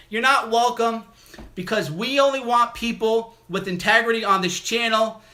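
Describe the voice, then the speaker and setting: A man's voice: very high-pitched, normal speed, sharp tone. A male livestream host taking callers, ranting with an aggressive, mocking and insulting manner and hammering his points through repetition. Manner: repetitive, emphatic delivery. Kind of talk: call-in livestream rant.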